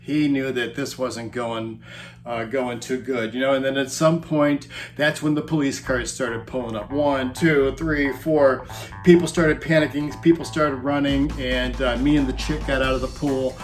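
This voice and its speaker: A man's voice: medium pitch, steady tone, measured pace. A man in his fifties telling a rowdy comic story in a rambling, casual way and chuckling often as he goes. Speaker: former roadie telling tour stories. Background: music playing under the voice.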